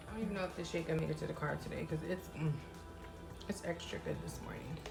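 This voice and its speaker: A woman in her thirties, a mother of four, chatting casually and upbeat straight to camera while tired. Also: on the low side. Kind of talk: casual vlog chat. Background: music.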